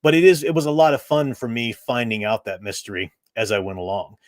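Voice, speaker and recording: A man's voice: mid-range voice, fairly even intonation, a little fast, dry recording. A man hosting a casual review show, talking enthusiastically and rambling with frequent restarts. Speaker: host reviewing games.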